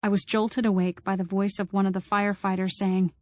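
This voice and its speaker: A woman reads an audiobook in a steady, flat-toned narration. She sits close to the mic in a dry, dead studio sound, with a mid-height voice that stays even from line to line. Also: mid-range voice, brisk, few pauses, no echo. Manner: acts out quoted voices with small shifts. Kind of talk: scripted narration.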